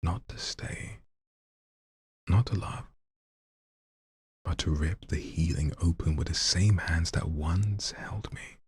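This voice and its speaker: Sitting low in pitch, a host reads submitted poems on a live show in a husky, breathy near-whisper, pausing often at a slow pace. He chats loosely with slang between them, and the studio sound is clean with no room noise.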